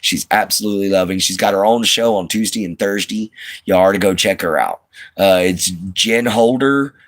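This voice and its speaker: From inside an RV, a man from the Southern United States hosts an easygoing livestream chat, rambling with many fillers and restarts and a slight Southern twang. His voice is lowish and his speed normal. The recording is dry.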